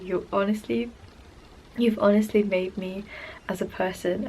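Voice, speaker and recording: A woman's voice: on the low side, creaky, slight background noise, rough recording. A young woman talking in a personal diary vlog, gushing and emotional as she rambles about a musician she adores. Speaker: fan vlogger.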